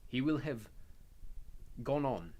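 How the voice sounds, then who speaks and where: Brief: man doing a sad, gentle old ghost, quiet and formal, lively swings in pitch. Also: takes it slowly, lo-fi sound. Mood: mournful. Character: melancholy old male ghost, mournful and gentle. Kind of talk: audiobook character voice.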